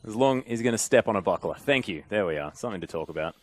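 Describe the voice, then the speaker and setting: Excitable male esports play-by-play caster. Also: on the low side, slight background noise. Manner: excitable, rising loud and fast in big plays. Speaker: esports commentator.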